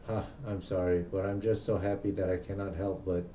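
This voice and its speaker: A man reading as a gentle older nun. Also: deep voice, flat delivery, brisk, roomy sound, distant mic, lo-fi sound, a little hiss or hum, natural voice. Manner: reads game text aloud in a plain voice.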